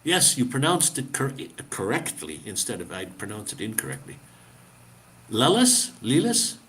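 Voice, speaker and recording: A man's voice: on the low side, sing-song, a little fast, a bit bright. Chatty man live-streaming to viewers. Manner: chatty, laughs often, lots of fillers and restarts. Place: living abroad in the Philippines.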